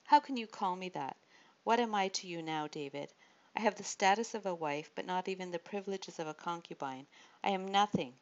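Bitter young queen in an audiobook, resentful edge, as a woman reader plays her; low voice, dull lo-fi sound. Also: steady tone, brisk. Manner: resentful, sharp.

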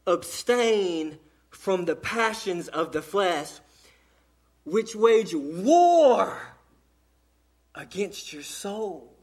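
A man with a Southern American accent preaching a sermon in church, with emphatic pauses. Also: high-pitched. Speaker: pastor. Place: church during an evening service.

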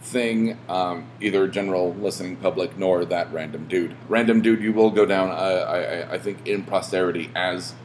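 A man hosting a podcast, talking casually in a rambling way, full of fillers and restarts and swearing when he gets animated. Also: deep voice, normal speed, hardly any pauses, slight background noise. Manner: rambling, self-interrupting with many fillers and restarts. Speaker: podcast host.

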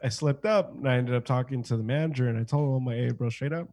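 A man spins a loose, profane anecdote among friends, jumping into slangy quoted voices for the people in it. His pitch sits mid-range, and the recording is close and completely dry. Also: fast talker, darkish tone, dry recording. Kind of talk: casual storytelling chat.

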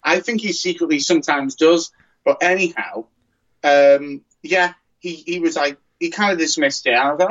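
A man's voice: on the high side, normal speed, fairly bright tone, muffled recording. A man chatting casually as a podcast co-host, rambling and restarting his sentences often. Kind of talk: casual chat.

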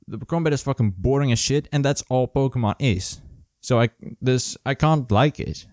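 A man's voice: fairly high pitch, animated, a little fast, darkish tone, no echo, clean studio sound. A man hosting a solo podcast, ranting sarcastically and profanely in a grumpy way. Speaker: podcast host.

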